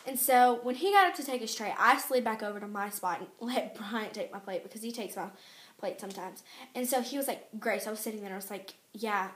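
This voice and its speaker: A teenage girl vlogging in a casual, exasperated rant, chatty and quick to complain. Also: a little high, a bit bright, a little hiss or hum. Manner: ranting, exasperated, fast and chatty. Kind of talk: casual chat to camera. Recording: echoey room.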